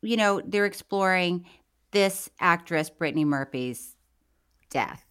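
A woman's voice: lowish voice, slow, smooth. A woman co-hosting a podcast, telling stories in casual chat and laughing often. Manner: animated storytelling, laughs often. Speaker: podcast co-host.

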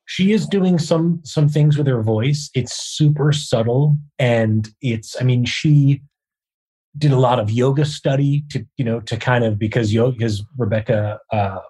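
A man, a show co-creator, telling behind-the-scenes stories in an earnest, measured way. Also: mid-range voice, dark tone, breathy edge. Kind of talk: casual interview chat.

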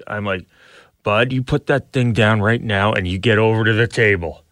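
A man's voice: on the low side, normal speed, no echo. A man in his thirties, a radio show host, telling family stories in casual banter, laughing often and acting out other people's lines. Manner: animated storyteller, laughs often, acts out his child's lines.

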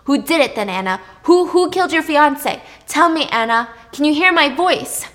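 A woman's voice: medium pitch, moderate pace, lightly acted. Woman doing a pushy, frustrated male doctor. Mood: pressing. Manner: pressing, dismissive.

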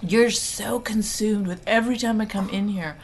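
A woman's voice: mid-range voice, fairly even intonation, moderate pace, slight background noise. A middle-aged woman co-hosting a podcast, chatting casually, brash and swearing, slipping into mock accents for fun. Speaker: podcast co-host. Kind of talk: casual bickering chat.

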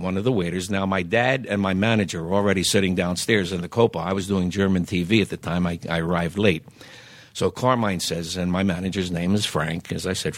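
An older man, a singer guest telling lively anecdotes in casual chat, stammering on restarts and acting out other people's lines. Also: deep voice, no echo. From Philadelphia. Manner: animated anecdotes, acts out quoted voices, stammers restarts.

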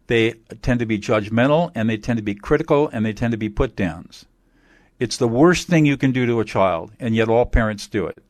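In clean studio sound with no echo, a medium-pitched man answers interview questions as a guest attorney and mediator. He explains his ideas emphatically, repeating key phrases.

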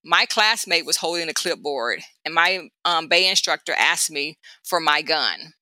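Woman guest, animated storyteller, bright edgy tone, dry close mic. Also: low voice, a little slow, no room sound. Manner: animated, acts out quoted people while telling a story. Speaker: guest, former DEA agent. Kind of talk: conversational storytelling.

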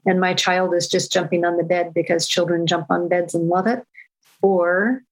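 An older woman, a parenting educator, answering an interview question in a calm, measured storytelling manner. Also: on the low side, poor audio.

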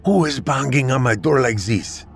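A man's voice: deep voice, expressive, slow pace, soft background music, full character voice. A man voicing a cold, curt Russian woman who is a tattoo artist and killer, speaking in a thick Russian accent. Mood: angry. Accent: Russian (put on). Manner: curt, dismissive, shouting when disturbed.

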